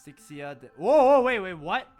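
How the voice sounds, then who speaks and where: A man's voice: high-pitched, moderate pace, faint music behind. A young man, chatting animatedly while streaming a game. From Malaysia. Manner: chatty, animated, laughs often. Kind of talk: casual gameplay commentary.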